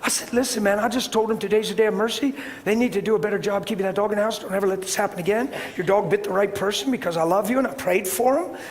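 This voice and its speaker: A man preaching a sermon as a story, animated, acting out voices and building up to shouts. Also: sits high, rapid-fire, few pauses. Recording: hall reverb with faint noise.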